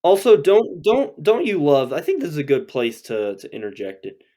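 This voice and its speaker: Man, podcast co-host, slightly higher voice, dry sarcastic chat. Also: huge pitch swings, normal speed, warm tone. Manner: sarcastic, profane. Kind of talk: casual chat.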